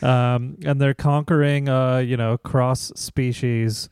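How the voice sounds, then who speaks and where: A man's voice: mid-range voice, steady tone, takes it slowly, darkish tone, smooth, no room sound. A man, co-hosting a comedy podcast, reading from a magazine in a wry, crude way and laughing into his reading over a video call. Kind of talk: casual chat, reading aloud from a magazine.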